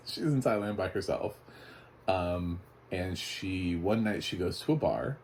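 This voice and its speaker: A man's voice: low voice, expressive, unhurried, a little mellow, a little hiss or hum. A man giving a casual, chatty spoken movie review, often laughing. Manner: chatty, laughing, mock voices for quotes.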